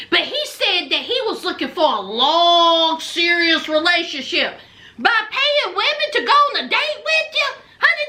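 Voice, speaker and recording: Woman vlogger, sassy gossip recap, high bright voice, unhurried. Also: very animated. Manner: sassy, dramatic, calls viewers honey and y'all.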